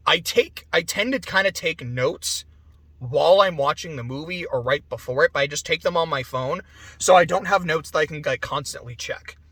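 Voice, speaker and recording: A man with a notably high voice talks through a movie review off the cuff, rambling and excitable, swearing freely and laughing between thoughts. The recording is dry and close, with no room sound. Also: normal speed, husky, dry recording.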